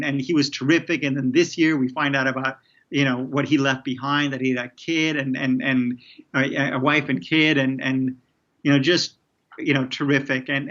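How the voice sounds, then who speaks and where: A man's voice: medium pitch, a bit bright. Rambling man, muffled lo-fi audio. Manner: rambling, many restarts and fillers. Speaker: TV showrunner guest. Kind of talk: casual interview conversation.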